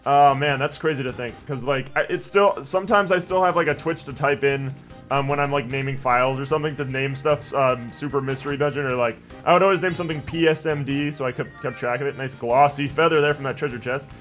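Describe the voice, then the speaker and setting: A man's voice: medium pitch, steady tone, fast, a bit bright. A young man hosting a let's play, chatting in a rambling, jokey way and reading game dialogue aloud. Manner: rambling, jokey, reads game text in voices. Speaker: gaming channel host. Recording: faint background game music.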